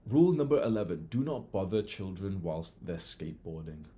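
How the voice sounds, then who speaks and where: A young man giving a casual self-improvement monologue, blunt and animated, swearing freely. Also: deep voice, normal speed.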